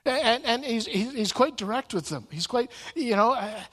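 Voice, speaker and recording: Halting male preacher in a reverberant hall. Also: extremely high pitch, expressive, a bit bright. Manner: halting, with frequent repeated words and restarts. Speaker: Bible teacher. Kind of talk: sermon-style Bible teaching. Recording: long reverb in a large room.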